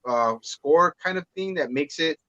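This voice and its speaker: A man's voice: a little high, unhurried, a bit bright, no room sound. A man guesting on a podcast over a call, talking about movies in a loose, rambling way. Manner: rambling, lots of "man" and restarts. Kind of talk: casual movie chat. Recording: slightly dull dry sound.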